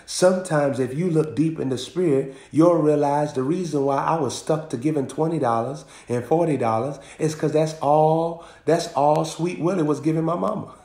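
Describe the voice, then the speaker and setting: Animated laughing preacher in an echoey room. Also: male voice, a little high, normal speed, hardly any pauses. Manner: animated, laughs often, makes rhythmic sound effects. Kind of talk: humorous live-streamed preaching.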